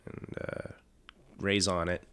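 A man's voice: low voice, flat delivery, slow, sharp tone, smooth. A man co-hosting a casual film discussion podcast, enthusiastic and chuckling as he quotes his favorite lines. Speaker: podcast co-host.

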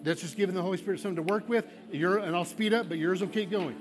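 A man's voice: high-pitched, rapid-fire, hardly any pauses, faint music behind. A man, a pastor, leading an altar call and fervent prayer in a coaxing, repetitive way. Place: church sanctuary.

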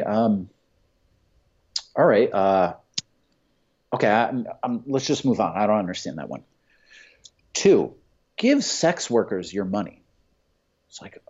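Blunt, profane man, low voice. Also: darkish tone. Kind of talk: casual opinionated chat. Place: Santa Monica. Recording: dull lo-fi sound.

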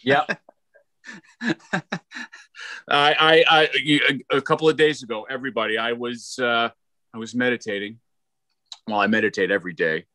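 A middle-aged man performing a stand-up set, loud and animated, self-mocking, stumbling over restarts. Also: medium pitch, normal speed, pauses often, dry recording. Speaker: stand-up comedian.

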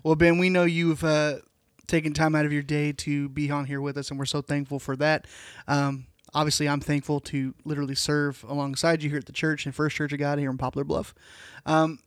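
A man's voice: on the high side, little pitch movement, a little fast, no room sound, clean studio sound. A man hosting a church podcast in casual chat, friendly and agreeable. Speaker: pastor and podcast host.

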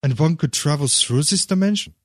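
A man's voice: on the high side, expressive, fairly quick, no room sound, clean studio sound, pitched above the performer's own voice. A man voicing an earnest, idealistic seventeen-year-old boy who speaks politely and formally. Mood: eager.

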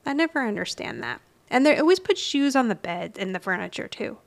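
A woman in her forties, a podcast co-host who chats casually, with quick restarts and little asides. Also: on the high side, big pitch swings, gravelly. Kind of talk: casual chat recapping a sitcom episode.

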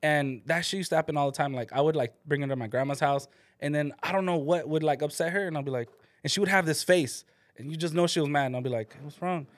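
Man, fast talker, slightly high voice, joking profane chat. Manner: joking, profane, quick asides. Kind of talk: casual podcast chat.

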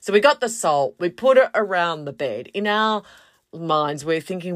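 A woman's voice: on the low side, normal speed, no echo, studio quality. A woman hosting a podcast, telling a story in a casual way and acting out the quoted lines. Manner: animated, acts out quotes in other voices. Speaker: podcast host.

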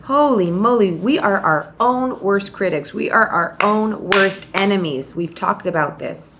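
A woman hosting a podcast, delivering a direct, tough-love motivational monologue and often quoting people in lively put-on voices. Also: mid-range voice, a little slow, background noise. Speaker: podcast host.

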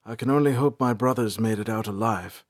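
A man voicing a weary, shaken male ranger who speaks in a subdued, halting way in a storybook. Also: lowish voice, no echo, clean studio sound, natural voice.

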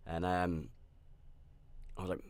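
A man's voice: low voice, little pitch movement, takes it slowly, no echo. A man hosting a podcast, telling a personal story in a rambling, candid and reflective way, with frequent restarts and fillers. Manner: reflective and self-aware. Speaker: podcast host.

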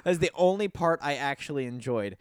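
A man hosting a podcast in casual chat, animated and swearing, jumping into high squeaky voices to mimic people. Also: fairly quick, clean tone, dry recording, clean studio sound. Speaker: podcast host.

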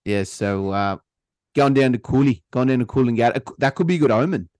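A young Australian man hosting a casual podcast chat, laughing often and swearing freely in relaxed banter. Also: mid-range voice, fairly quick, dry recording, clean studio sound. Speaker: podcast host.

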